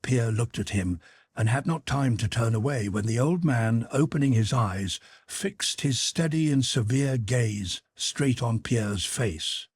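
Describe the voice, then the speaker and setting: A male narrator tells a classic novel in a steady, even way. His voice sits at a middle pitch and has a husky grain. The recording is dry and close. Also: measured pace, no echo. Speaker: audiobook narrator.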